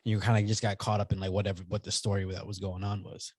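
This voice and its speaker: A man co-hosting a podcast, talking about a movie in a casual chat, playful and animated. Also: lowish voice, quick pace, slightly rough, no room sound, clean studio sound. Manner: animated, playful, acts out silly voices. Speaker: podcast co-host.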